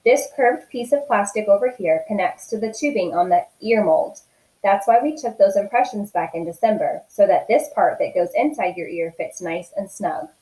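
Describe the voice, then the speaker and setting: A woman's voice: mid-range voice, dark tone, reverberant, lightly acted, poor audio. A woman reading aloud, voicing a friendly, upbeat male ear doctor who reassures and explains.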